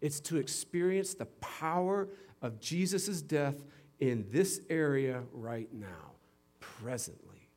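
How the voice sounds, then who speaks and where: A male pastor preaching a sermon, swinging from loud emphatic bursts down to hushed low passages, with playful teacherly asides. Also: animated, takes it slowly.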